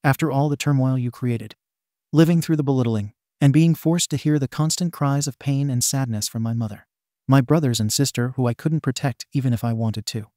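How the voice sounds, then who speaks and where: Man voicing a scarred young villain, bitter, accusing, mellow tone, dry sound. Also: mid-range voice, a little fast, no room sound, lightly acted. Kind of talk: fan fiction reading.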